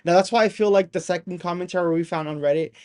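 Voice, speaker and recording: A YouTube host giving excited, casual commentary on videos, chatty and easily worked up, saying "y'all". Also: mid-range voice, fast talker. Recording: noticeable background noise.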